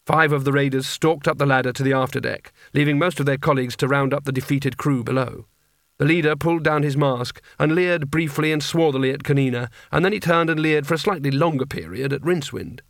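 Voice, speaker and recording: A man narrating an audiobook in a dry, even storytelling manner. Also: fairly high pitch, a little fast, creaky, dry recording.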